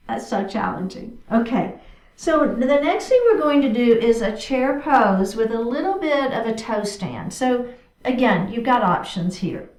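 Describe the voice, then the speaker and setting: Woman chair yoga instructor, slightly high voice, encouraging step-by-step cues, recorded at a distance in an echoey room. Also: unhurried, darkish tone. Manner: encouraging, cueing moves with repeated short prompts. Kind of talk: guiding an exercise class.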